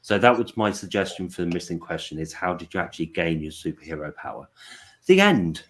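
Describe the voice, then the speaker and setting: Deep-voiced soft-spoken English man. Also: fast. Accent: English, West Yorkshire. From England. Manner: rambling and self-deprecating, with frequent fillers. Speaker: panel guest. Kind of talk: casual panel chat.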